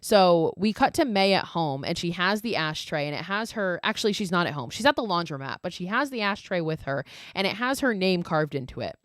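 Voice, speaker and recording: Podcast host, woman, lowish voice, dry close sound, swears a lot, says like constantly. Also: animated, fairly quick, hardly any pauses, a bit bright, no room sound. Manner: profane, exasperated asides; fillers of "like" throughout. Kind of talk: casual film recap.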